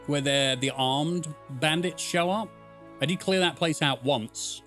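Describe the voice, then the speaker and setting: A man's voice: fairly high pitch, measured pace, sharp tone, faint music behind. A young man streaming a game, chatting casually and swearing, laughing at the chaos. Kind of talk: casual gameplay commentary.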